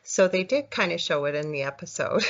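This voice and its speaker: Woman, low voice, halting casual storytelling, muffled lo-fi audio. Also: animated. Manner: halting, many fillers and restarts. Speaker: podcast guest. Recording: dull lo-fi audio.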